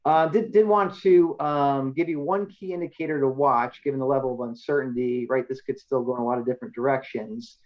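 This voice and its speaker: A man's voice: medium pitch, a little fast, few pauses, muffled recording. A male economist giving a slide presentation in a conversational, explanatory way, often checking in with the audience.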